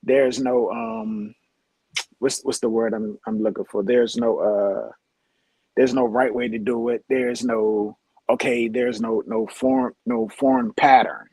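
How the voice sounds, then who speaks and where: A man co-hosting a casual faith podcast, speaking haltingly, repeating himself as he searches for words. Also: medium pitch, fairly even intonation, darkish tone, slightly rough, dry recording. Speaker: podcast co-host.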